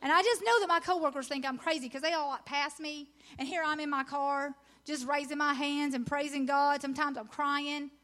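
A middle-aged woman preaching at a women's conference, earnest and encouraging, swelling into excited emphasis when she reads scripture. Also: high voice, a little fast, hardly any pauses. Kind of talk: sermon.

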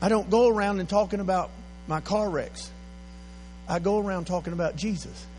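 An older man, preaching a sermon that swings from quiet storytelling to loud, shouted exhortation. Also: high voice, moderate pace. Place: church sanctuary. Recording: echoey hall with faint mains hum.

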